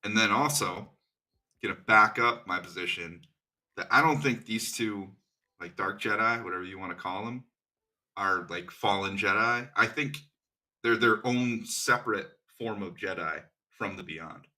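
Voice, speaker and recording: A man's voice: fairly low pitch, measured pace, pushed and bright. A man co-hosting a casual fan podcast, laying out theories and checking facts with questions. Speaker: podcast co-host.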